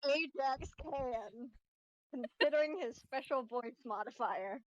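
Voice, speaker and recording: A woman's voice: sits high, takes it slowly, dry recording, dull audio. A woman playing a tabletop game, easygoing as she narrates her character's actions. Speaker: player. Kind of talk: casual game chat.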